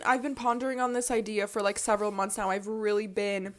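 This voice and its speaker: A woman's voice: mid-range voice, flat delivery, brisk. A young adult woman in a casual, reflective vlog monologue, earnest and emphatic, who swears freely and becomes tearful. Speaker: vlogger.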